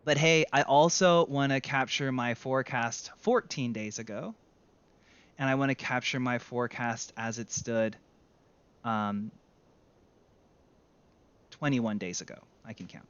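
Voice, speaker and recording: Male instructor, conversational screen-share teacher, smooth voice, dry slightly muffled close mic. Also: mid-range voice, measured pace, long pauses. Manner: conversational, self-correcting, lively. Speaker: data instructor.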